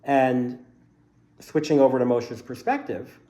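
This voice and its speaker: A man's voice: mid-range voice, expressive, a little slow, warm tone. A man teaching a casual Bible study class to a group in a room, explaining the text by asking a string of questions.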